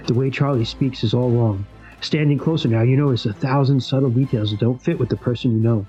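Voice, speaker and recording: A man hosting a show in which he plays a solo tabletop horror adventure, reading it aloud with animated asides and casual swearing. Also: medium pitch, fast, muffled recording, faint music behind. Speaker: host playing a solo tabletop game.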